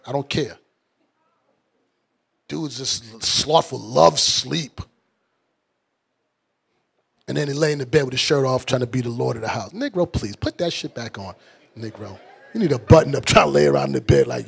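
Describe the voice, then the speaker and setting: A man's voice: medium pitch, lively intonation, normal speed, vocal fry, pauses often, husky. A man preaching as a bishop in a fiery, mocking, blunt sermon style. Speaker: bishop and teacher.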